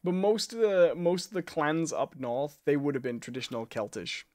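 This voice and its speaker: A man's voice: on the high side, expressive, normal speed, darkish tone, dry recording, studio quality. A man co-hosting a casual live chat podcast, explaining and correcting with historical facts. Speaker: podcast co-host.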